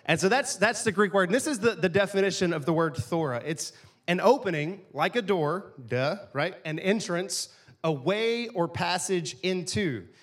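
A pastor delivers his sermon like a chat with friends, full of jokes and asides. His voice sits a little higher than most men's. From East Texas, USA. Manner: casual, joking, conversational preaching.

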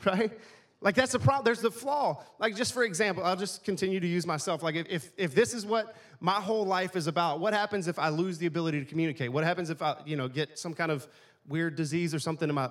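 A man preaching a sermon as pastor, talking in a conversational way and often ending points with a questioning "right?". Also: high voice.

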